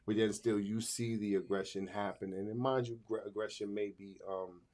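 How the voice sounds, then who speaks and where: Low-voiced man, emphatic and repetitive. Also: steady tone, moderate pace, darkish tone. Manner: emphatic, repeats himself while working out a point. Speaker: podcast co-host. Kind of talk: casual chat.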